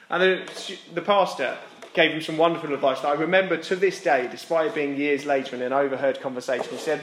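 British guy preaching in church, kinda high voice, chatty asides, roomy echo. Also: fast talker, a bit bright, slight background noise. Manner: conversational preaching with asides and self-mocking laughs. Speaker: pastor. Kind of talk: sermon.

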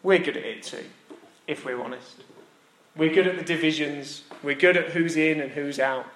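A man's voice: a little high, normal speed, fairly bright tone, roomy sound. A man preaching a sermon in a conversational, emphatic way, building his points through repetition. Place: church.

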